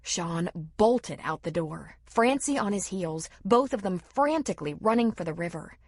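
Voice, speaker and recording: A woman reading a novel aloud in steady, measured scripted narration. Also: medium pitch, no echo, clean studio sound. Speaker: audiobook narrator.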